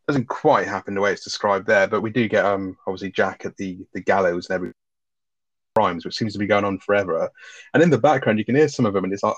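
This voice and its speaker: A man with a fast, casual and sweary way of talking, reviewing a film with a co-host. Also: deep voice, dry recording. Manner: swears freely, retells scenes with quoted lines. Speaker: podcast co-host.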